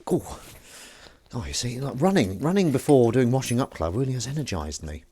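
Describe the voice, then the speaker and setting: Washing up on a live stream, a young man reads out chat messages and jokes at his own expense in a relaxed, talkative way. He speaks briskly in a mid-range, sing-song, mellow voice with a breathy edge.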